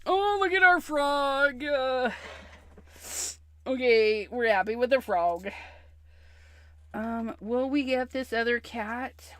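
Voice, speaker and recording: Woman, livestream craft host; higher pitch, unhurried delivery, casual running chatter to viewers. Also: smooth, no echo. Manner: chatty, talks to viewers while stamping, hums and murmurs to herself.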